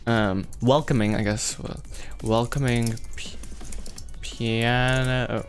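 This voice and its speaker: A man's voice: mid-range voice, steady tone, slow. Brief: man, mid-range voice, loose livestream chatter, self-interrupting with frequent chuckles, faint music underneath. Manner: rambling, self-interrupting, laughs often. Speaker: animation filmmaker livestreaming his script writing. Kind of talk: casual livestream chat.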